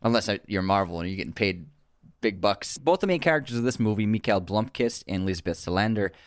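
A man co-hosting a podcast, reading film trivia in long relaxed runs and laughing easily. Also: fairly low pitch, a little fast, no echo, clean studio sound. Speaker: podcast co-host.

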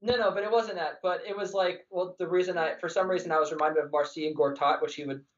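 A man with a high voice chats excitably as a podcast guest. He rambles, restarts and trails off mid-thought. The sound is dull and lo-fi. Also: fast talker. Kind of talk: casual podcast chat.

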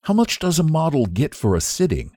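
Brief: a man playing a warm-hearted young gent, lifted lively voice, dry sound. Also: a little high, fairly quick, no room sound, pitched above the performer's own voice. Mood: curious. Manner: earnest and sympathetic. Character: kind, carefree young gentleman.

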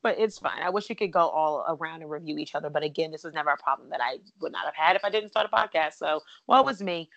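A woman's voice: deep voice, quick pace, vocal fry, hardly any pauses, fairly bright tone, no room sound, dull audio. A woman hosting a podcast, chatting casually and bubbly with lots of asides. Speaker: podcast host.

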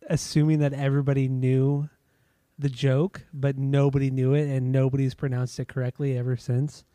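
A man's voice: mid-range voice, little pitch movement, normal speed, warm tone, dry recording. A man from Southern California with a Southern Californian accent, co-hosting a podcast in casual chat, teasing and laughing easily. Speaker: podcast co-host.

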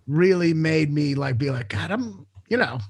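A man talking in a self-deprecating, animated way in casual podcast chat, stumbling over restarts. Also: a little high, normal speed, slightly rough.

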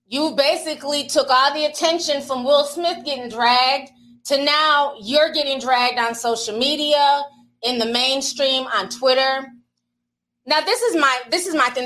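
A woman's voice: high voice, fairly bright tone. A woman giving sassy, casual gossip commentary, swearing now and then. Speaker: commentary vlogger.

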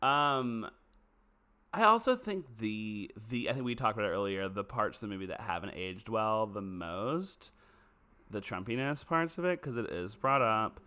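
A man's voice: on the low side, normal speed, smooth. A man co-hosting a podcast in casual, jokey chat about a movie. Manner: chatty, animated, jokey. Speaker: podcast co-host.

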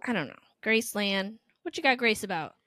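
A woman co-hosting a podcast, talking in a blunt, joking, animated way. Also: medium pitch, fairly quick, dry recording, studio quality. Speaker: podcast co-host. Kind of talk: casual chat.

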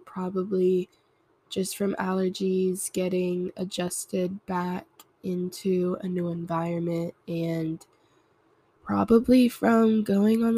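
A young woman hosts her podcast with a congested, husky voice from a cold. Her tone is soft and mellow, a little low. She rambles in a reflective, easygoing way. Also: little pitch movement, takes it slowly, dry recording. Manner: reflective, rambling, with many fillers. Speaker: podcast host. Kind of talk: casual solo podcast talk.

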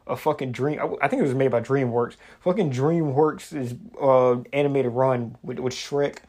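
A man delivering a foul-mouthed, comedic monologue in a mid-range voice. He rambles, loses his thread and starts over, swearing in nearly every sentence. He jumps from loud, animated bursts to low, muttered asides. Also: normal speed. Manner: rambling, swears constantly, trails off and restarts. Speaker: online content creator. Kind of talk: casual profane comedic rant.

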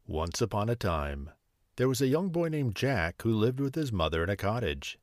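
Slow, lively male storyteller. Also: fairly low pitch, no echo, clean studio sound. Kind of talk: fairy tale read aloud.

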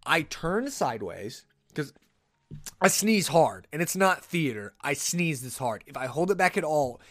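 A man hosting a podcast, telling rambling, animated stories and often cutting himself off. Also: medium pitch, no echo, clean studio sound. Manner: rambling, animated, self-interrupting. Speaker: podcast host. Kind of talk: casual solo podcast storytelling. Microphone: podcast microphone.

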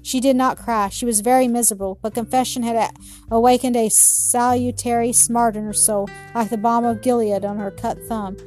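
A woman narrating a children's story in a gentle, measured reading. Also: a little high, steady tone, soft background music.

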